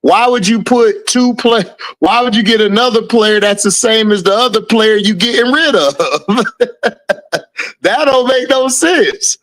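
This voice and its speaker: A man with a high-pitched voice hosts a laid-back livestream, greeting viewers by name and laughing through his replies. He takes his time and speaks. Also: a little slow, a bit bright. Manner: reads out viewer names and answers chat, laughs often. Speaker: livestream host. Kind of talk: casual live-chat commentary.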